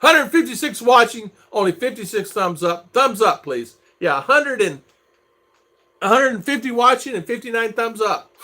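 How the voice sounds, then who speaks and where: A man's voice: extremely high pitch, animated, a little slow, sharp tone. A middle-aged man hosting a casual livestream chat, greeting viewers by name in a chatty way. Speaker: livestream host.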